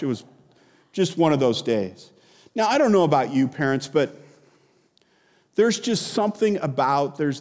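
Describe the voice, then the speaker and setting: Animated high-voiced pastor in a big reverberant hall. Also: male voice. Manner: storytelling, conversational, animated. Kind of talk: sermon.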